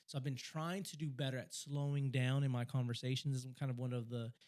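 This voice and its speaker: A young man co-hosting a podcast, telling a story in a casual chat, talking fast and excitedly, stumbling over and repeating words. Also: medium pitch. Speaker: podcast co-host.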